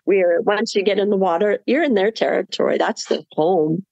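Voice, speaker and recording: Woman guest, lively laughing storyteller, mid pitch, dry close sound. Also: normal speed, creaky, no echo, muffled recording. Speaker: marathon swimmer guest. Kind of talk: storytelling interview.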